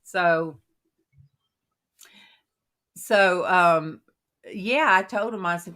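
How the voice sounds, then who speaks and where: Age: middle-aged. Sex: woman. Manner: folksy, animated storyteller. Style: casual chat. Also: on the low side, slow, pauses often. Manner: folksy, animated storyteller, quoting herself and laughing. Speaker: host of a Christian women's coffee talk panel.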